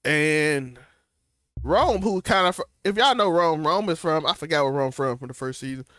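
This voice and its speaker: A young man talks through a TV episode in a loose, rambling way, full of slang and restarts. His voice sits a little high for a man. The sound is dry and close, with no room around it. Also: normal speed, a bit bright, no echo. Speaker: co-host of a TV recap show. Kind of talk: casual recap chat.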